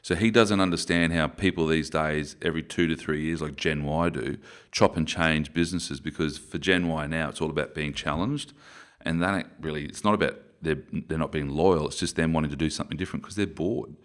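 A man's voice: rumbling low, steady tone, a little fast. A man in his forties with an Australian accent, telling stories as an interview guest in a rambling, self-correcting way. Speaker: interview guest, former rugby player. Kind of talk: conversational interview.

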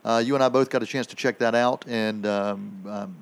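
A man's voice: mid-range voice, fairly even intonation, a little fast, clean tone. A man co-hosting a radio film segment, reviewing movies in casual chat, rambling with many fillers and restarts.

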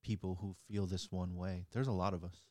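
A man's voice: low voice, little pitch movement, brisk, darkish tone, dry recording, studio quality. A man co-hosting a podcast, talking in a laid-back, thoughtful, agreeable way. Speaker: podcast co-host. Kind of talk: casual reflective chat.

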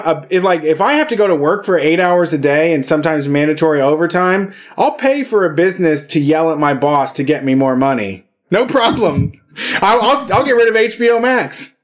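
A man co-hosting a casual comedy podcast, making deadpan jokes and quick absurd riffs. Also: fairly high pitch.

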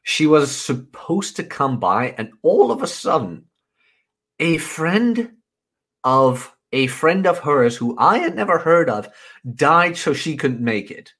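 A man's voice: fairly high pitch, big pitch swings, takes it slowly, fairly bright tone, slightly rough. A man from the Netherlands, co-hosting a casual podcast and telling stories playfully. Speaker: podcast co-host.

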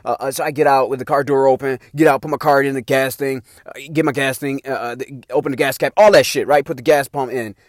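A man's voice: mid-range voice, quick pace, no echo, studio quality. A middle-aged man hosting his own show, telling a personal story in casual, profane slang. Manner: profane, animated, slangy street talk. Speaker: podcast host telling a story.

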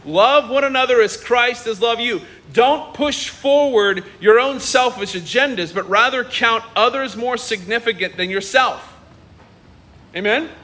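A man's voice: extremely high pitch, measured pace, bright, forceful tone. A male pastor preaching a sermon on a church stage, earnest and emphatic, often repeating himself. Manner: earnest, emphatic, with many repetitions.

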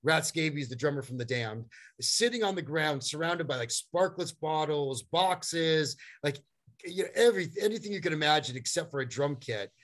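A middle-aged man telling a long story as a guest, animated and rambling, with many fillers and restarts. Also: fairly high pitch, normal speed. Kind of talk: storytelling in a conversation.

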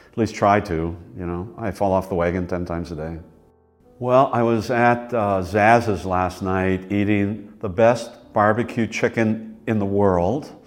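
A man in his sixties, interviewed, telling his life story in a rambling, relaxed way with many fillers. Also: deep voice. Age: 60s. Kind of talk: reflective personal storytelling.

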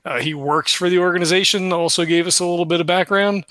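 This podcast clip has a man loosely going over the last session of a tabletop game, full of filler words and quick to laugh. He talks fast in a high, sharp voice with steady tone, and there is no room sound.

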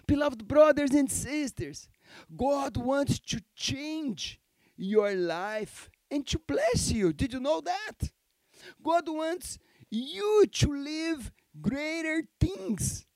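A man's voice: very high-pitched, sing-song, extremely slow, a little mellow, dry recording. A male pastor with Portuguese as his first language, preaching an emphatic sermon in English, repeating key phrases and calling for amens. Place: church.

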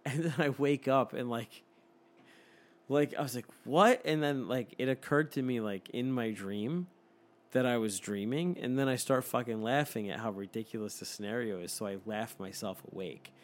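A man's voice: medium pitch, moderate pace. Laughing, swearing man telling a story. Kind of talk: casual storytelling chat.

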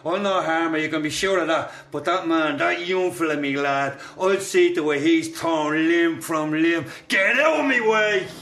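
A man's voice: on the high side, normal speed, few pauses, fairly bright tone, a little hiss or hum. King, a domineering Irishman. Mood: threatening. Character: domineering powerful man called King, menacing. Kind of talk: radio drama acting.

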